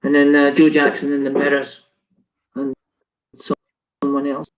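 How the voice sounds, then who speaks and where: A man's voice: a little high, little pitch movement, measured pace, creaky, poor audio. A man co-hosting a casual chat, rambling and laughing as he loses his train of thought. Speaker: co-host.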